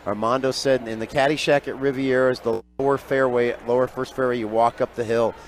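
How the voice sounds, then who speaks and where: A man who is a sports handicapper, telling an animated story as a guest on live sports radio and acting out the people he quotes. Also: mid-range voice, fairly quick, a little hiss or hum. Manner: lively raconteur who acts out quoted voices, often trailing off quietly. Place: live broadcast booth at a radio event.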